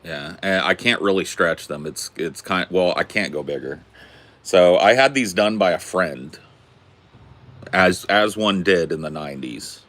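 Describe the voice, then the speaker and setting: A streamer in his forties answers viewer questions in a very low, deep voice. Laid-back and unhurried, he jokes around and rambles through the casual chat.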